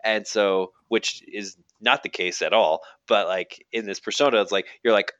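A man's voice: lowish voice, steady tone, moderate pace, fairly bright tone, clean tone, no echo, muffled recording. A man casually retelling a funny story between friends, laughing often and acting out the people he quotes.

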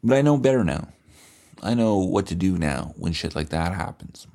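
A man hosting a comedy podcast, telling a crude, deadpan, rambling comic story. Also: deep voice, normal speed, vocal fry.

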